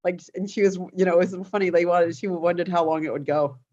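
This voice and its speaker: A woman co-hosting a casual chat, telling rambling everyday stories full of animated asides. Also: on the low side, quick pace, highs cut off. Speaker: co-host.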